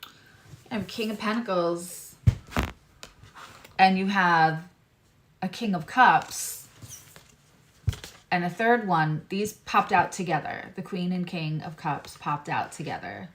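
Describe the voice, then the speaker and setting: A woman's voice: lowish voice, expressive, takes it slowly, pauses often, a little hiss or hum. A woman reading tarot cards on a live stream, chatting with viewers in a loose, digressive way. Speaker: tarot reader and astrologer.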